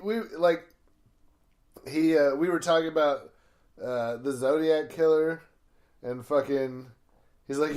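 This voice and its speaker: A man's voice: on the high side, slow pace, pauses often, darkish tone. Rambling man telling stories in chat. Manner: rambling, filler-heavy storytelling with swearing. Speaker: podcast co-host and comedian. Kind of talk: casual chat.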